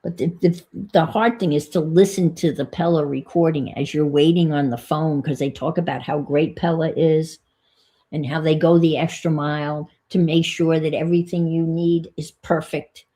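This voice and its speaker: A woman's voice: sits low, fairly even intonation, moderate pace, warm tone. A woman chatting casually on her vlog, telling an exasperated story and thinking aloud as she works on a craft. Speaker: vlogger. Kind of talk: casual chat while crafting.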